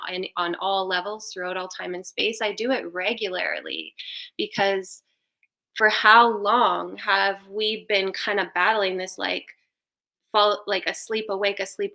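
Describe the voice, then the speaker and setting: Bright-voiced woman giving spiritual advice. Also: mid-range voice. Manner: meandering, many fillers and restarts. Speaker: spiritual guest speaker. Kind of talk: casual spiritual talk.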